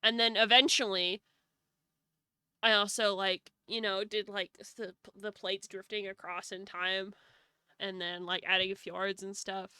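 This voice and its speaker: A woman's voice: medium pitch, flat delivery, measured pace, sharp tone, smooth, no room sound. A woman streamer chatting casually while building a fantasy world, joking and swearing, laughing often. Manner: joking, profane, laughs a lot.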